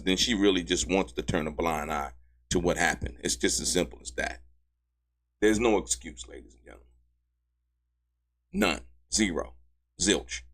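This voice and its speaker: Excitable man hosting trial commentary. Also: moderate pace. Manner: excitable, repeatedly addressing "ladies and gentlemen", pitch leaping high when outraged; laughs mid-sentence, emphatic repetition. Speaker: commentary channel host. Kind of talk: casual legal commentary.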